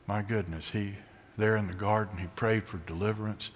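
A pastor preaching a sermon, swinging from high, excited bursts to hushed, near-whispered lines. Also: male voice, normal speed, long reverb tail, a little hiss or hum. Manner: animated, rising to high excited peaks then dropping to hushed near-whispers.

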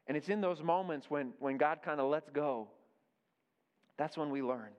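A man's voice: a little high, moderate pace, a little mellow, clear, resonant tone. Man preaching in a reverberant hall. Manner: conversational storytelling, repeats key phrases. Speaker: pastor. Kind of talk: sermon. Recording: dull sound with long hall reverb.

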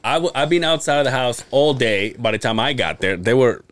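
A man's voice: mid-range voice, expressive, brisk, a bit bright, no room sound. A man co-hosting a podcast, telling a rambling story with lots of restarts. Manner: rambling storyteller, many restarts and quoted voices. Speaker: podcast co-host. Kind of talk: casual chat.

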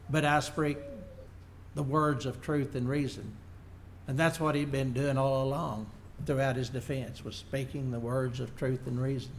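A man's voice: medium pitch, slight background noise. A man preaching a sermon, reading Bible verses aloud and then explaining them in plain words. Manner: unpolished, working slides as he goes.

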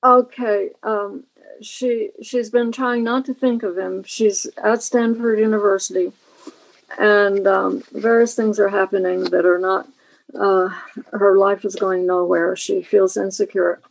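A woman's voice: mid-range voice, level tone, no echo, low-quality recording. An older woman author with a Kentucky accent, speaking as a guest and talking about her novel. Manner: slow, gravelly reading voice. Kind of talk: interview and reading from her novel.

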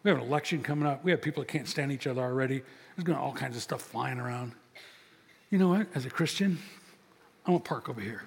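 Preaching fast in a medium-pitched voice with vocal fry, an older pastor tells stories conversationally and acts out little dialogues. The recording, made in a church sanctuary with a large hall's long reverb, carries a slight hiss or hum.

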